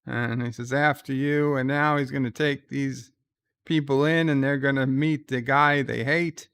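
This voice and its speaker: Male stream host, calm reaction commentary, crisp voice, unhurried. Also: medium pitch, no echo. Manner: retells scenes, quoting lines in a plain voice; reads out viewer chat messages.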